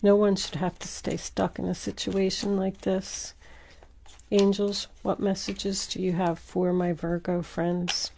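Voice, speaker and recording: Woman, tarot reader talking to camera, emphatic and direct, with a mellow, dark-toned voice. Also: medium pitch, little pitch movement, a little slow, gravelly, a little hiss or hum. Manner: emphatic, repetitive, addresses viewer directly. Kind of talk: casual tarot reading to camera.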